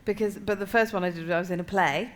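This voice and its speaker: Woman comic, guest on a live chat show; animated, laughing anecdotes, mid-pitched. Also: quick pace. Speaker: stand-up comedian, guest. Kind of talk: live comedy podcast chat.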